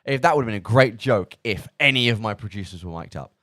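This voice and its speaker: A man hosting a charity radio stream, chatting casually with a lively, bouncing voice. He rambles and pokes fun at himself, heard close and dry on a studio microphone. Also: lowish voice, brisk, dry recording. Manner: rambling, self-mocking, lots of fillers. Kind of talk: casual live radio chat.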